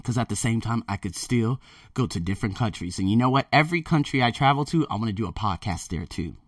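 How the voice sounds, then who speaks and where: A man talking casually to his viewers, emphatic and animated, often repeating himself. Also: lowish voice, quick pace, no echo, clean studio sound, far from the mic. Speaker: vlogger. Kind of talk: casual monologue to camera. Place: Thailand.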